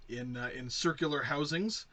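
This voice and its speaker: Bright-voiced man, profane and rambling. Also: on the high side, moderate pace. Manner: profane, rambling, laughs often. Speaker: podcast co-host. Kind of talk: casual movie review chat.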